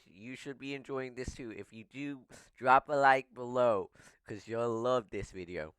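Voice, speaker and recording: A man hosting a casual eating vlog, talking between bites in a slow, playful way and pushing viewers to subscribe. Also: medium pitch, fairly bright tone, clear, resonant tone, dry recording. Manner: talks while chewing, slow and playful, begs for subscribers. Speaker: mukbang vlogger.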